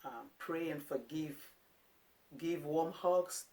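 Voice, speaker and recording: A woman in her thirties from Africa, a parenting vlogger talking casually to camera, lively and quick to act out little quotes. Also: deep voice. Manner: animated, acts out quotes of herself and her sons.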